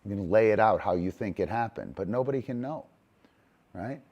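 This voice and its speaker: A man's voice: fairly low pitch, animated, normal speed, darkish tone, lo-fi sound. A middle-aged man hosting a casual talk on dog training, rambling and emphatic, tagging "right?" onto his points and swearing casually. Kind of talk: casual monologue.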